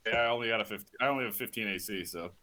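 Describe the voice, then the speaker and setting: Upbeat player counting dice. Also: male voice, lowish voice, racing, bright, forceful tone, a little hiss or hum. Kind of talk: casual tabletop play.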